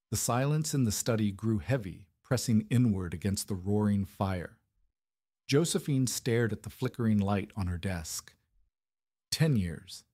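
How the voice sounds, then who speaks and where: A man with a low voice reads a novel aloud, measured and steady as he builds each scene. The recording is dry and close, with no room around it. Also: no echo. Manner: measured, descriptive storytelling. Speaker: narrator. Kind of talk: scripted narration.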